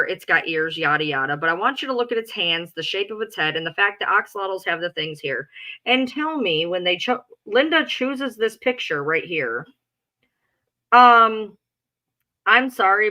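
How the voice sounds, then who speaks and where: A woman's voice: on the low side, pushed and bright, rough recording. A woman in casual chat, telling a story in an indignant, emphatic way and swearing often.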